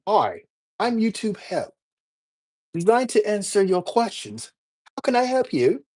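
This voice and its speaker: A man's voice: high voice, very animated, unhurried, a little mellow, pitched above the performer's own voice, exaggerated voice. A man voicing a formal help-desk figure in a put-on British accent. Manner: prim, formal, helpful. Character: polite British customer-help voice, male adult.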